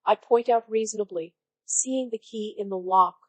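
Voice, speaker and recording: A synthetic woman's voice reading a story aloud in a flat, even way, as narrator. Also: medium pitch, moderate pace, dry recording, low-quality recording.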